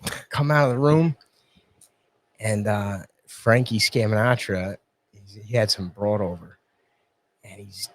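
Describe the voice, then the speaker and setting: A man's voice: lowish voice, unhurried, pauses often. A man, a guest in a casual chat, telling crude stories with plenty of swearing. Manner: profane, laughing storyteller acting out yelling.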